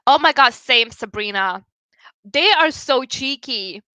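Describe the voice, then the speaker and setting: A woman's voice: sits high, animated, unhurried, pushed and bright, no room sound. A young woman chatting casually with viewers on a livestream, giggling often as she reads and answers comments. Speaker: livestream host.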